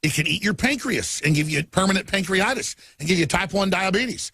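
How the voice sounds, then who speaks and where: A man hosting a talk radio show, ranting through an emphatic monologue in a slightly high, gravelly voice. He stacks up long lists of figures and lurches from quiet intensity to angry bursts. His husky tone sits dry and close in a studio. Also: animated, brisk, hardly any pauses. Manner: swings between quiet intensity and angry outbursts.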